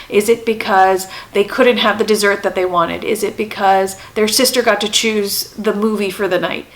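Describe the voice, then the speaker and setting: A woman's voice: medium pitch, fairly bright tone, low-quality recording. A woman in her thirties, hosting a parenting channel, talking to camera in an earnest way and repeating her questions for emphasis. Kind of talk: advice talk to camera.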